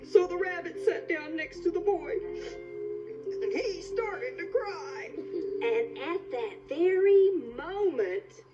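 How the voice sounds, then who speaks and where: A young woman storyteller telling a children's tale on a kids' TV show in a playful, expressive, sing-song way. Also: very high voice, takes it slowly. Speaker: visiting storyteller. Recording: dull TV soundtrack with music.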